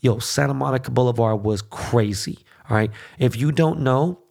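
Man, podcast host, heated profane rant, keeps asking "okay?", mid pitch. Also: normal speed, gravelly, darkish tone. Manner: heated, swearing constantly, repeats "okay?".

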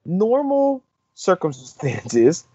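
A man co-hosting a golf podcast, telling a story in a casual, animated way and acting out the quotes. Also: sits high, very slow, husky, no room sound, highs cut off. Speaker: podcast co-host, on-course reporter.

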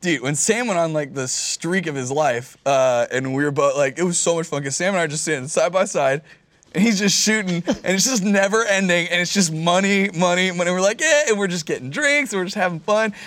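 A man co-hosting a casual chat, telling animated stories with lots of fillers and swearing. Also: a little high, fairly quick, no room sound. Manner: animated storyteller, swears freely, many fillers.

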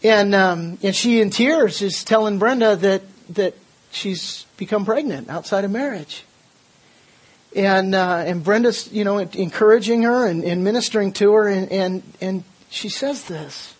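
An older man preaching a sermon as pastor, earnest, with stumbling restarts, building to forceful emphasis. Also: high voice, measured pace, husky.

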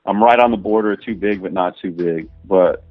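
A man talking casually in an interview, rambling and crude, filling every pause with "you know" and "man". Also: sits low, no echo, lo-fi sound. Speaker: adult film performer guest.

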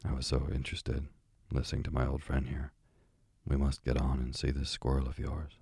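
A kindly, distracted doctor who talks with animals, from a bedtime storybook, voiced by a man reading softly. The voice is deep and flat, husky and gravelly. The sound is close and dry. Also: no echo, heavily acted. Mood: mild. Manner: calm, slow bedtime reading. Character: kindly absent-minded middle-aged male animal doctor.

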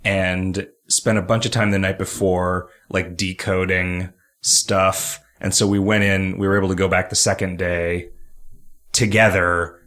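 A man co-hosting a podcast in casual chat, with dry, deadpan humor. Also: low voice, unhurried. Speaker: podcast co-host. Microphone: studio mic.

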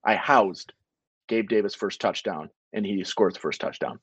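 A man's voice: deep voice, moderate pace, fairly bright tone, slightly rough, no echo, lo-fi sound. A man co-hosting a sports podcast, chatting in a loose, enthusiastic way. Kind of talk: casual sports talk.

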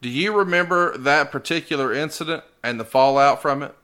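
A man's voice: fairly high pitch, a little fast, sharp tone. A man hosting a podcast who reads out claims from a book and asks about them with open disbelief. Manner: incredulous questioner reading claims aloud. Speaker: podcast host and interviewer. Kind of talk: casual podcast interview.

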